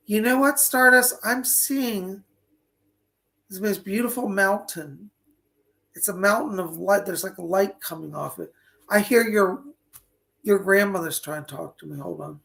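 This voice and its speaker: A man's voice: sits high, vocal fry, fairly bright tone. A man hosting a live online psychic reading, talking chattily, greeting viewers by name, and losing his voice.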